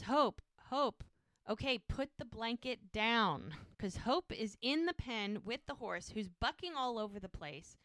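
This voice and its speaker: A woman's voice: mid-range voice, pushed and bright, no room sound, clean studio sound. A woman co-hosting a podcast, casually recapping a TV episode and acting out the characters' lines as she retells scenes. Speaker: podcast co-host.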